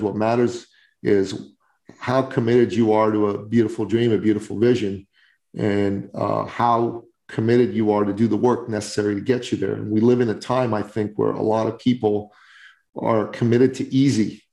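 A man's voice: on the low side, little pitch movement, moderate pace, creaky, mellow. A man hosting a podcast, talking in an earnest, emphatic, motivational way. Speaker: podcast host. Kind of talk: motivational interview talk.

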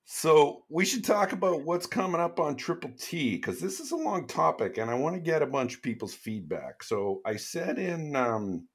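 A man co-hosting a podcast, telling stories in a relaxed, chatty way. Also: a little high, moderate pace, few pauses, breathy edge. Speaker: podcast co-host. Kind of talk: casual chat.

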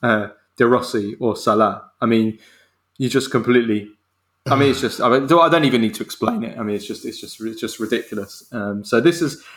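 A man's voice: medium pitch, brisk, fairly bright tone. A man hosting a football podcast, chatting casually with many fillers and restarts. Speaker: podcast host.

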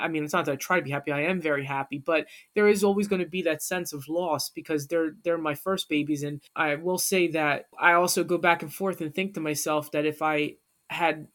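A woman's voice: sits low, a bit bright. A woman as a podcast guest, telling a personal story in an earnest, heartfelt way.

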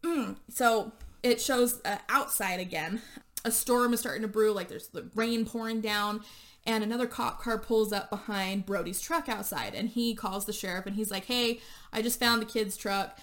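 A woman hosting a podcast, casually recapping a horror movie and acting out the characters' lines in a chatty, animated way. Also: mid-range voice, moderate pace. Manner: animated storyteller, acts out characters' lines, lots of "like". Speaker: podcast host.

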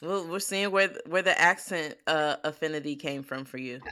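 Chill teasing woman on a podcast, kinda low voice but bright tone. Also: moderate pace, clean tone. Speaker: podcast co-host. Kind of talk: casual chat.

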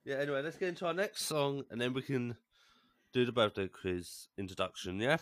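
An easygoing man with a mid-range voice, co-hosting and spinning the songs on a relaxed show. He giggles often and fills his talk with casual "yeah"s. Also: medium pitch, fairly quick. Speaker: co-host and DJ.

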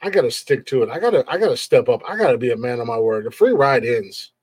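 A man hosting a live show who rants with heavy swearing and keeps circling back to the same complaints. His voice sits at an ordinary pitch and sounds dry and close to the mic. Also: quick pace, a little mellow, breathy edge, no echo. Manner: heated, profane, repetitive, frustrated. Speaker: podcast host. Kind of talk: profane live-stream rant.

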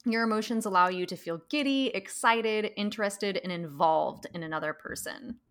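A woman co-hosting a podcast, reading prepared notes in a measured way, then chatting casually. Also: mid-range voice, a bit bright. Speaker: podcast co-host.

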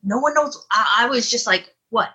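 A woman casually recounting a personal encounter as an investigator, animated and acting out her own reactions. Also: a little high, normal speed, husky, dull audio. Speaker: guest, UFO investigator. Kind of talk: casual storytelling.

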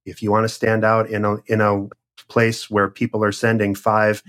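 Host, male, lowish voice, relaxed, asks guiding questions. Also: normal speed. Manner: conversational, steers with questions. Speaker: podcast host. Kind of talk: casual podcast chat.

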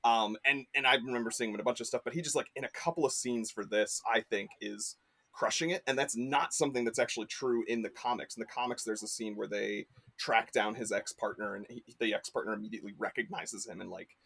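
A man's voice: fairly low pitch, fairly even intonation, fast, creaky, a bit bright, breathy edge. Rambling male podcast guest. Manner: rambling, many fillers and restarts. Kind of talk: casual chat.

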